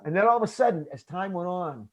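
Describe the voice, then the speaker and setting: A man's voice: high voice, expressive, quick pace, a bit bright. A man telling a story in casual conversation, acting out his own past lines and calling his listener bro. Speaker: podcast host.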